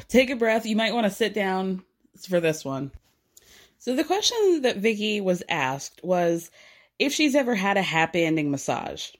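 A woman chatting casually and gossiping, telling stories in an animated, laughing way and swearing freely. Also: on the low side, a little slow. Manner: animated, laughing, profane storytelling. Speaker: reality TV commentator.

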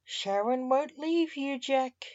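A woman's voice: medium pitch, fairly even intonation, takes it slowly, mellow, no echo, dull audio, close to an everyday voice. A woman reading as a huffy, solemn Grim Reaper. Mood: exasperated. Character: stern male Grim Reaper, weary and sharp.

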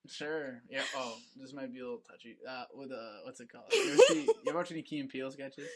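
Man, podcast host, casual chat, rambling, lots of filler words, lively pitch. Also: rapid-fire, gravelly. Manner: rambling storyteller, heavy use of "like".

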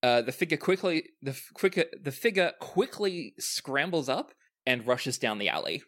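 A man narrating a tabletop game as game master, lively and hesitant with fillers. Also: mid-range voice, normal speed.

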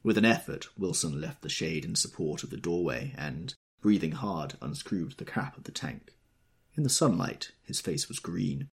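A man reading an audiobook in scripted narration, expressive and measured. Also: low-pitched, gravelly, breathy edge.

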